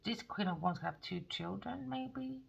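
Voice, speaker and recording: Gravelly, excitable woman reading tarot. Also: mid-range voice, moderate pace, rough recording. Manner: blunt, excitable, swears freely. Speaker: tarot reader.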